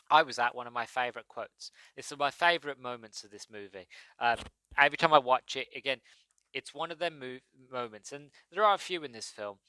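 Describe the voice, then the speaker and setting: A man's voice: mid-range voice, pushed and bright, clear, resonant tone, dry recording. A man hosting a solo movie review podcast, talking enthusiastically and rambling with lots of fillers. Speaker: podcast host.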